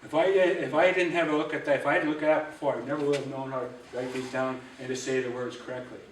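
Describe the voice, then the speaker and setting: A man teaching an Ojibwe language class, patiently drilling syllables and repeating words slowly. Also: medium pitch, fairly even intonation, a little hiss or hum. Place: library auditorium. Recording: echoey room, voice from a distance.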